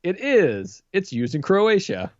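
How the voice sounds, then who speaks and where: A man's voice: high voice, huge pitch swings, slow pace, no room sound, dull audio. Teasing man reading out a quiz. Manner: teasing, amused quiz-asking. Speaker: podcast co-host, quiz master. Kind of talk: casual chat.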